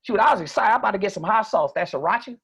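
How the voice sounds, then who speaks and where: A man voicing an excitable young Mississippi man who chatters in an exaggerated way. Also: high voice, very fast, vocal fry, breathy edge, voice pushed up, full character voice. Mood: excited. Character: excitable high-voiced Southern young man.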